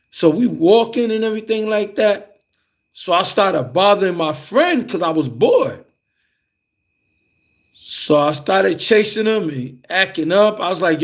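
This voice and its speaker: A man with a fairly high voice tells a childhood tale in loose, conversational fashion. He keeps it animated and acts out the scenes as he talks. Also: measured pace. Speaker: storyteller. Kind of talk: casual spoken storytelling.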